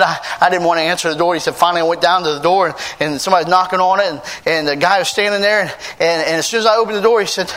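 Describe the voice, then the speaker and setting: An American man preaching in a bright, forceful voice set a little high for a man. He tells a story in a quiet, confiding sermon style. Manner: energetic, shouting and laughing in an acted-out pancake run. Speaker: pastor. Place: church service with a congregation.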